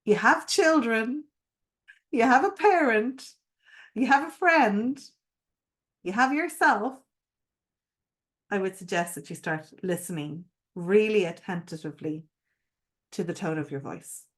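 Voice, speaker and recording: Expressive woman coaching viewers directly. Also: mid-range voice, takes it slowly, pauses often. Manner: expressive, emphatic, addresses viewers directly with questions. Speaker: mindset coach. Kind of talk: live-streamed masterclass talk.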